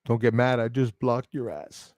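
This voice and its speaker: A man in mid pitch hosts a live stream, talking loosely and chatting with his viewers. He rambles, laughs often and trails off mid-thought. His voice is close and dry, with no room echo. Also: level tone, normal speed, darkish tone. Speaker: livestream host reading chat. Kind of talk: rambling casual live chat.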